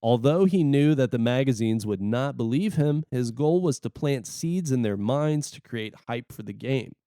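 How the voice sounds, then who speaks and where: A man's voice: mid-range voice, lively intonation, moderate pace, dark tone, dry recording, studio quality. A man co-hosting a gaming podcast, reading notes and chatting in a laid-back, wisecracking way. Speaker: podcast co-host. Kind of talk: reading notes and casual chat.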